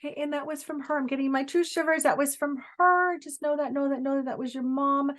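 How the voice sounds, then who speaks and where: A woman working as a psychic medium, giving a live spirit reading in a halting, searching way with many fillers, often quoting the spirit. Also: high voice, fairly even intonation, fairly bright tone. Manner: relays messages by quoting the spirit in first person.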